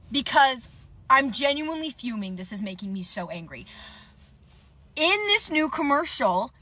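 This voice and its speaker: A woman's voice: high-pitched, bright, forceful tone. A woman giving an impassioned, agitated rant straight to camera, earnest and stumbling over her words. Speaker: content creator.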